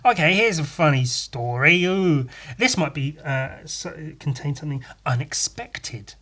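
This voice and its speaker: A man's voice: fairly high pitch, lively intonation, measured pace, sharp tone. A man hosting a podcast on his own, rambling through a story in a sweary, self-deprecating way with lots of restarts. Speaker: podcast host. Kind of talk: casual solo podcast monologue.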